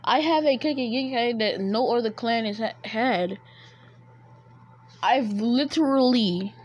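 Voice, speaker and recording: A woman voicing a boastful young boy ninja while retelling a fan story, bragging in a slightly quieter voice. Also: fairly high pitch.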